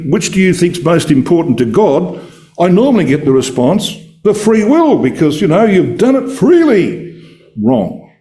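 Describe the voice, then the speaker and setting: A man giving an expository Bible talk, emphatic and full of rhetorical questions. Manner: emphatic, rhetorical questions, lively swings in pitch. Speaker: Bible study speaker.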